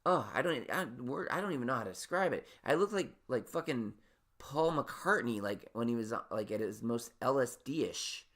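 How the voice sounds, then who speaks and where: A man's voice: mid-range voice, animated, normal speed, a bit bright. A man rambling through a solo rant on his own podcast, neurotic and self-deprecating. He swears freely and often stumbles through his thoughts. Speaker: podcast host.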